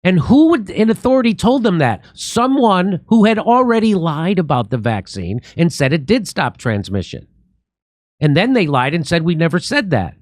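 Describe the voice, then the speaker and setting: A man's voice: high voice, big pitch swings, normal speed, no echo, clean studio sound. A man hosting a political commentary talk show, ranting animatedly and mimicking friends in mocking voices. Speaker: comedian host.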